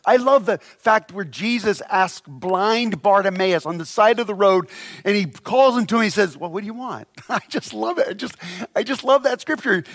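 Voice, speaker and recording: A man preaching a sermon, animated and humorous, acting out the voices of people in his stories. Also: sits high, normal speed. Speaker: pastor.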